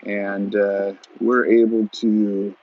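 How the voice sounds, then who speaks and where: A man in his forties telling a story in a rambling, folksy way, outdoors at shooting practice, on muffled audio with loud gunfire. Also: on the low side, little pitch movement, very slow, background noise. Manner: rambling folksy, many "you know" and "he goes". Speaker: vlogger. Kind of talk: casual storytelling monologue.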